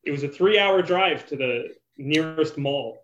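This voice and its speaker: A man's voice: fairly high pitch, a little slow, a bit bright, echoey room, highs cut off. A man from rural Canada, a comic book writer, rambling casually as a podcast guest. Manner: rambling, lots of likes and ums.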